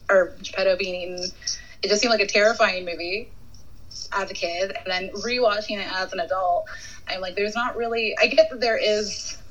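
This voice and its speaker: A woman's voice: mid-range voice, a bit bright. A woman sharing her views on a podcast in a loose, rambling way, stringing thoughts together with "like". Her audio sounds a little dull and muffled. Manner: rambling, heavy use of "like". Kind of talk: casual film discussion.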